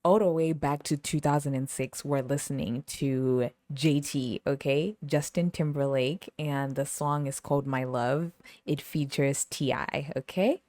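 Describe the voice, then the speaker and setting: A woman hosting a podcast, telling stories in an animated, casual way and laughing often. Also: low voice, a little slow, no echo. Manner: animated storytelling, laughs often, sings snippets. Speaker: podcast host. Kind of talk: casual chat.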